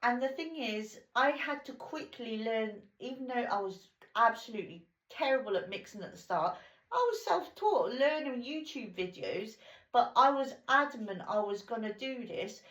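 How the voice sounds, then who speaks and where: A woman's voice: on the high side, expressive, normal speed, a bit bright. A woman in her forties, chatting animatedly as a podcast host, telling stories in a casual, talkative way. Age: 40s. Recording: roomy echo.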